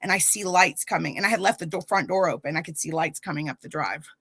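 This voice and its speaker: A woman in her thirties, a podcast guest telling a candid personal story, animated and acting out the voices of people she quotes. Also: low-pitched, quick pace, breathy edge, no echo, low-quality recording.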